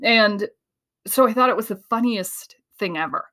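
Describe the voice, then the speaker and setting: Woman host, casual monologue, animated storyteller, laughs a lot, ideas racing. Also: mid-range voice. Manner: quick, tumbling flow of ideas.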